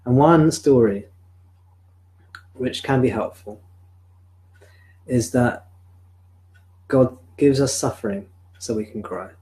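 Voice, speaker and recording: A man, a spiritual teacher, speaking calmly and reflectively at a live-streamed home satsang into a sensitive desk microphone. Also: mid-range voice, poor audio. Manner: calm, reflective, answers viewer questions slowly. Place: home room.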